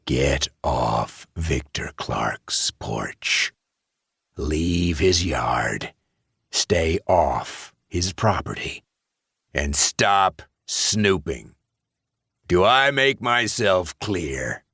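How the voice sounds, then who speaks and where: A man voicing a cold, threatening male bank manager in a slow, hushed whisper. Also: sits low, lively intonation, gravelly, slightly rough, no echo, clean studio sound, full character voice.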